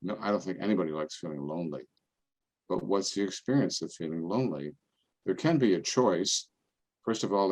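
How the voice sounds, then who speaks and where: An older man, a priest, giving a relaxed, conversational talk full of homely anecdotes and playful voices for the people in them. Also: deep voice. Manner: folksy storytelling, acts out other people's voices. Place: parish event, indoors.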